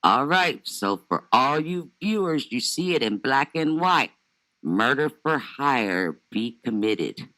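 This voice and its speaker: A man's voice: mid-range voice, big pitch swings, takes it slowly, bright, forceful tone. A man in a played clip speaking directly to his viewers about a legal case.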